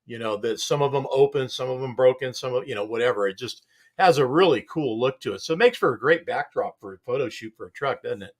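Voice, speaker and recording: A man's voice: mid-range voice, expressive, fast talker. A man hosting a casual studio chat show, talking in a rambling, laid-back way and chuckling often. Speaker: show host.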